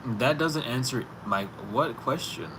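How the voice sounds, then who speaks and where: A man speaks in a medium-pitched, expressive voice, taking his time, with noise around him outdoors on a street. His vlog is a casual monologue full of disbelief, and he chuckles while arguing with someone off-mic.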